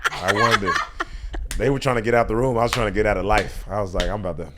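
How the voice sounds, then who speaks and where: A man's voice: fairly low pitch, quick pace, heavy background noise. A man in his thirties, a comedian guest on a podcast, telling a story casually with laughs and acted-out quotes. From United States. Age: 30s. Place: podcast studio.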